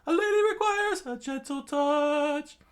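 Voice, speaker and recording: A man voicing a frantic, dramatic young male cook in a shrill, shrieking falsetto. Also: a little slow. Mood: shrieking panic.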